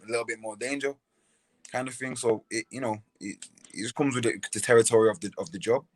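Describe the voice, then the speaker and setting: A man's voice: medium pitch, steady tone, fast, dry recording. A young man, a boxer, talking casually as a podcast guest, often repeating words and restarting his sentences. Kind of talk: casual interview talk.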